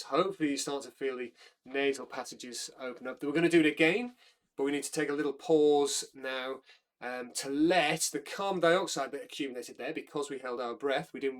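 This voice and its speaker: A man leading a breathwork class, calmly talking listeners through each step with frequent fillers and self-corrections. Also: a little high. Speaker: breathwork instructor.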